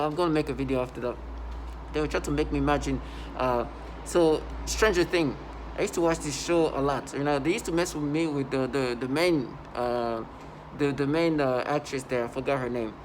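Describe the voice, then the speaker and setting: A man's voice: mid-range voice, a little hiss or hum. A man talking to his camera in an agitated, indignant monologue, stopping and restarting often. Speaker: vlogger.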